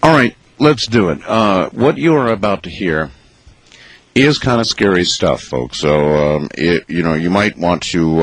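A man hosting a radio interview, folksy and prone to chuckling, with a husky voice. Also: low voice, dry recording. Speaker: radio host.

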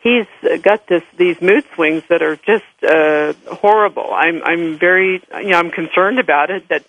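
A man in his sixties calling a radio show, talking in a rambling, halting way with many fillers. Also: high-pitched, fairly bright tone, low-quality recording. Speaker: radio caller.

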